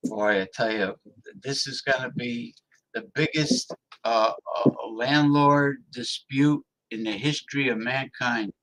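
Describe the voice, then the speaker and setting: A man's voice: mid-range voice, measured pace, a bit bright, rough recording. A man co-hosting a talk show, dropping brief dry interjections into a casual chat. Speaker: co-host.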